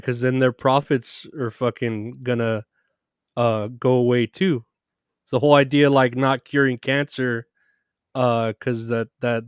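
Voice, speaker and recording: A man with a mid-pitched, smooth, resonant voice talks in a casual podcast conversation. The sound is close and dry, with no room around it. He speaks cynically and curses freely. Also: dry recording. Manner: cynical, swearing, laughing asides.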